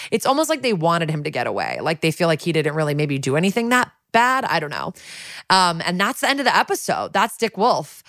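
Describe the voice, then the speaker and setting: Low-voiced woman recapping a TV episode. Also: no echo, studio quality. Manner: animated retelling, acting out quotes, wry asides. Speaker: podcast co-host. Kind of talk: casual recap storytelling.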